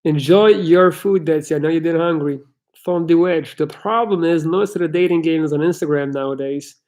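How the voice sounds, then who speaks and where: A man's voice: a little high, fairly even intonation, brisk, a little mellow. A young man, a life coach, chatting loosely on a livestream Q&A, reading chat questions and swearing now and then.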